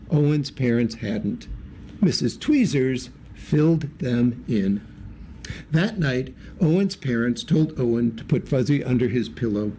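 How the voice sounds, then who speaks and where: A man reading a children's picture book aloud in a lively way, giving the characters little voices. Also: medium pitch, measured pace, a little hiss or hum. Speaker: story reader.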